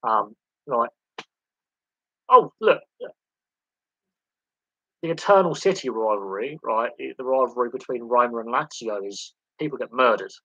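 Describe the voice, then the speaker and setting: A man's voice: mid-range voice, expressive, a little slow, pauses often, fairly bright tone, dry recording, lo-fi sound. A man hosting a casual sports livestream, rambling and opinionated as he jumps from one example to the next. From England.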